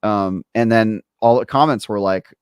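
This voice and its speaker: A man's voice: fairly low pitch, moderate pace, clean tone, no echo, studio quality. A man co-hosting a gaming podcast in casual chat, rambling through stories and poking fun at himself. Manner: rambling, self-deprecating storyteller. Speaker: podcast co-host.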